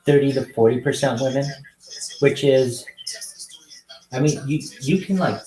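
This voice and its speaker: A young man hosts a casual livestream, calling out loud, excited hellos to strangers on video chat. His voice sits at an ordinary middle pitch. A roomy echo hangs around every word. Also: a little slow, slight background noise. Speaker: livestream host.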